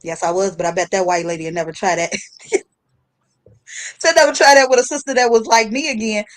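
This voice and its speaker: A woman hosting a casual chat show, telling a story in a lively, slangy way with frequent laughter. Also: medium pitch, brisk. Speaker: host.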